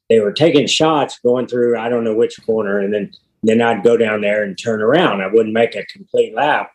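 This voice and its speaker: A man's voice: on the low side, rough recording. Easygoing Texan man in his sixties. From Texas. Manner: easygoing, halting with fillers and restarts. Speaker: guest, retired motorcycle racer. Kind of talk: casual interview chat.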